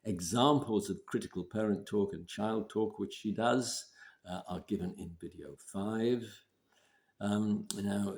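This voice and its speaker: A man giving relationship advice in a measured way, often clearing his throat and repeating points for emphasis. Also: low voice, darkish tone. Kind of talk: advice talk to camera.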